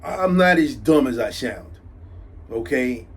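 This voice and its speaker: A man's voice: medium pitch, expressive, slow, a little hiss or hum, rough recording. A man with a thick New York accent, telling a joking domestic story in a chatty, rambling way. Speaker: vlogger. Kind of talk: casual comic storytelling.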